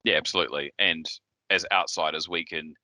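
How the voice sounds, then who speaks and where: Kiwi guy hosting a podcast, real low voice but bright and forceful, lots of ums and restarts, dry close sound. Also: steady tone, fairly quick, no room sound. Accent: Southern New Zealand. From New Zealand. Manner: hesitant, many fillers and restarts. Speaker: podcast host. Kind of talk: casual chat.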